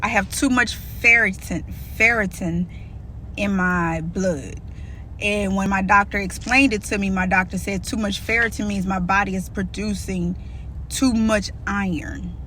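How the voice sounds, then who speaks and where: Bright-voiced woman chatting candidly. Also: mid-range voice, fairly even intonation, measured pace, slight background noise. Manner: candid and chatty, calls viewers "y'all". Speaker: vlogger. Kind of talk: casual vlog chat to viewers.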